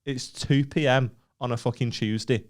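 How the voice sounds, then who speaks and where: A man's voice: medium pitch, steady tone, normal speed. A young man with a Northern English accent tells a story on a comedy podcast. He talks casually, swears freely and leans on sarcasm. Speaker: podcast co-host.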